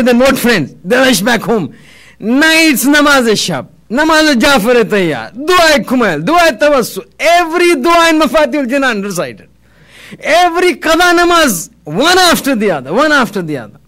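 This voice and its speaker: A man preaching a sermon, telling a story with animation and acting out the lines of the people in it. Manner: animated storytelling, acting out the dialogue with big swings in loudness and pitch.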